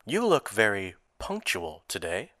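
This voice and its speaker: A man voicing an automated romance phone line in a comedy sketch, reading its menu in a smooth, even way. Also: on the low side, measured pace, no room sound, clean studio sound, exaggerated voice. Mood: flattering. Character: sleek automated romance hotline voice, smooth and callous.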